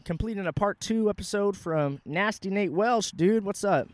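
A man's voice: high-pitched, moderate pace, dry recording. A man hosting a casual podcast, talking in a rambling, profane way with frequent laughs, outdoors in a park. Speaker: podcast host.

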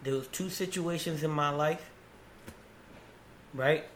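Male podcast host, higher-pitched, animated and profane, stop-start casual delivery. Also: slow, slight background noise. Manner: animated, profane, restarts often. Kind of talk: casual chat.

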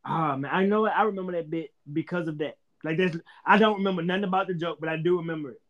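A man, a stand-up comedian telling stories as a podcast guest in an animated, profane way. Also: on the high side, fast talker, dull audio. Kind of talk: casual storytelling chat.

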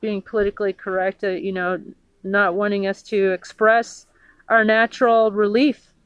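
A woman from the United States in an angry, profane political rant, indignant and halting, with many restarts. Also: medium pitch, level tone, clean tone, no echo, dull audio.

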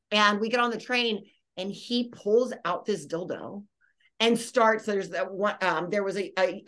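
A woman podcast host telling a story in a rambling, animated way, full of fillers and restarts. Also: lowish voice. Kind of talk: casual storytelling.

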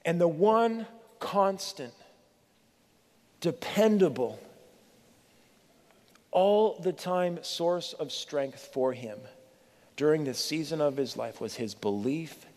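A middle-aged man preaching a sermon as a pastor, earnest and pleading, with dramatic pauses. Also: a little high, lively intonation, a little mellow. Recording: long reverb of a church hall.

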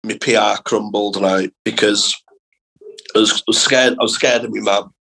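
A young man, a comedian guest on a podcast, telling animated school anecdotes in casual chat with plenty of swearing. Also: on the low side, moderate pace, creaky, slight background noise, poor audio.

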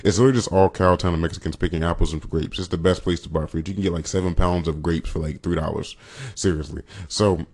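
A man's voice: low-pitched, fairly even intonation, fast, darkish tone. A young man hosting his own podcast, chatting casually from California, rambling and joking as he corrects himself. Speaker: podcast host. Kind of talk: casual chat.

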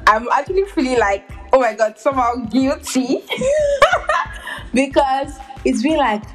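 A woman's voice: high-pitched, lively intonation, moderate pace, faint music behind, low-quality recording. A young woman hosting her own podcast in casual chat, giggling often and filling her speech with "like". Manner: giggly, heavy use of filler words, many restarts. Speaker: podcast host.

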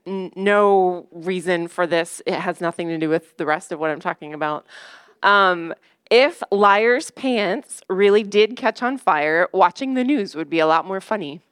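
A woman's voice: on the low side, a bit bright, clear, resonant tone, no room sound. A woman speaking at a church gathering in a chatty, self-deprecating way, telling jokes and laughing often. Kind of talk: casual sermon with jokes.

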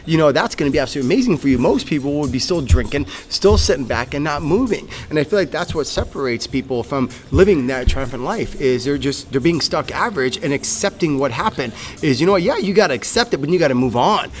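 A man's voice: fairly high pitch, lively intonation, quick pace, hardly any pauses, slight background noise. A young man, a coach, co-hosting a casual motivational podcast in a gym, fervent and swearing freely, repeating words when worked up.

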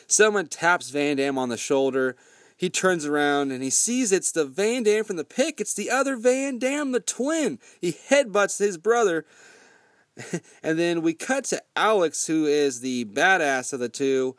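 A man's voice: on the high side, expressive, measured pace, no room sound. Laid-back guy cussing his way through a movie recap, dry close sound. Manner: rambling, profane, laid-back.

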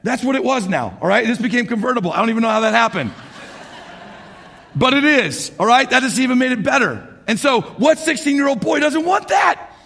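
A man in his forties preaching a sermon as pastor, animated, swinging from shouts to hushed asides. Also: very high voice, vocal fry. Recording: echoey hall.

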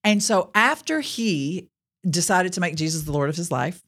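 A woman's voice: fairly low pitch, expressive, moderate pace, a bit bright. A woman telling a personal faith testimony in a podcast, speaking earnestly and addressing her listeners directly. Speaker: Christian speaker sharing a testimony.

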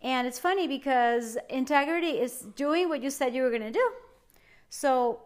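A woman's voice: high voice, moderate pace. A woman hosting her own podcast, talking casually and sleepily, rambling, correcting herself and laughing often. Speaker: podcast host. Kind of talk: casual solo podcast talk.

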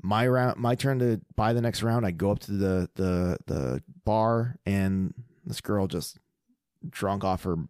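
A man's voice: fairly low pitch, a little slow, darkish tone, no echo, studio quality. A young adult man co-hosting a podcast, talking loosely and swearing a lot as he tells stories full of fillers. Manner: loose, profane, storytelling with lots of fillers. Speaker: podcast co-host. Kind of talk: casual chat.

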